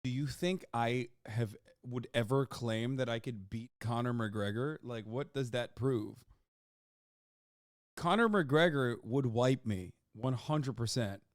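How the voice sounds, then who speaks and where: A man streaming a video reaction, joking loudly with profanity as he talks to his chat. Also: mid-range voice, takes it slowly, no echo, clean studio sound. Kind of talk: casual livestream reaction talk.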